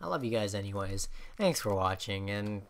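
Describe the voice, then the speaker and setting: A man's voice: on the low side, expressive, normal speed. A young man in his late teens, a YouTuber ranting in a rambling way, full of fillers and restarts. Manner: rambling, many fillers and restarts, says "dude". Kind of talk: ranting vlog over gameplay.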